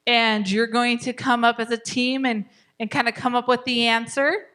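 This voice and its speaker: A woman teaching a live parenting class, animated and laughing often, acting out short parent and child lines. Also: a little high, normal speed.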